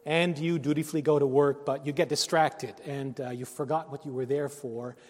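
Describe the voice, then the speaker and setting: A man preaching a sermon, earnest, rising to loud emphasis and dropping to hushed phrases. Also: on the high side, steady tone, moderate pace. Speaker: pastor. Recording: long reverb of a hall.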